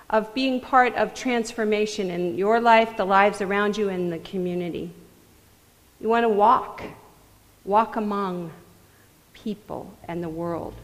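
A middle-aged woman preaching a sermon in a conversational way, acting out quoted voices. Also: medium pitch. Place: church sanctuary. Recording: long hall reverb.

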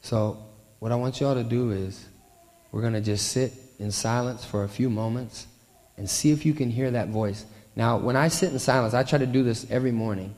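A man preaching a sermon, telling a story and often softening his voice at tender moments. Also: mid-range voice, normal speed. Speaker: pastor. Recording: long hall reverb.

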